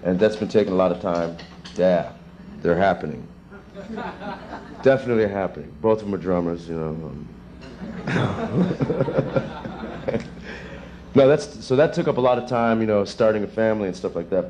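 A man in his thirties, a session drummer, answering students' questions in a rambling, animated way with chuckles, in a music school classroom. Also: deep voice, brisk, slight background noise. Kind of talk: casual Q&A with students.

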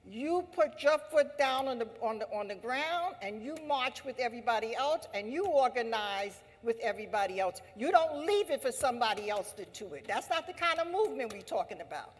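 A woman labor leader giving an impassioned assembly speech, emphatic and repetitive, rising to forceful exhortation. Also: fairly high pitch. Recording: long hall reverb.

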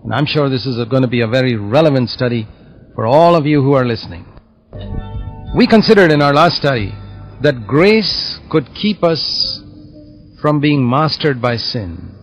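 A man teaching a Bible lesson in a measured, explanatory way, using everyday illustrations. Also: mid-range voice. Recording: slightly dull audio, faint background hiss.

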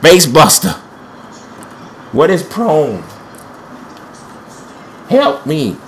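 A man's voice: on the high side, huge pitch swings, extremely slow, slight background noise. A young man giving panicky, trash-talking commentary while playing a wrestling video game, with speech. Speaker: gameplay commentator. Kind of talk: excited let's-play commentary.

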